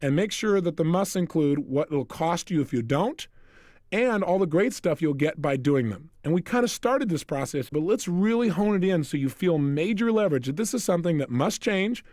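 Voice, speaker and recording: A self-help coach speaking to the listener in an energetic, direct recorded lecture. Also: male voice, fairly high pitch, moderate pace, dry recording, clean studio sound.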